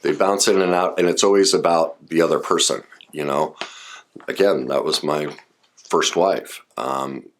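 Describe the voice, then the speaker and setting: A man with a rumbling low voice talks to camera at a measured pace, with slight background noise, explaining the warning signs in relationships. A speaker on relationships and trauma, he keeps it conversational with personal asides, lots of fillers, and restarts.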